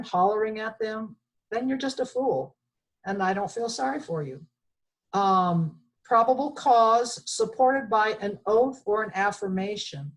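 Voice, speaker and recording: A Texas woman with a mid-range voice reads from the Bill of Rights and comments on it plainly and emphatically, using lots of fillers. The recording quality is low.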